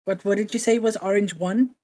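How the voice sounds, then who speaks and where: A woman's voice: mid-range voice, fairly even intonation, brisk, dark tone. A woman playing in a tabletop game stream, talking casually and asking hesitant questions. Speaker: player.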